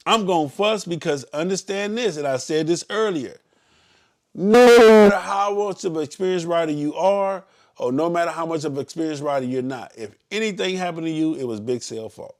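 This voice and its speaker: A man with a Southern US accent leads a motorcycle club ride, briefing riders on a casual live stream. His voice is on the high side and his pace moderate; he's blunt and preachy, now and then erupting into loud yelling.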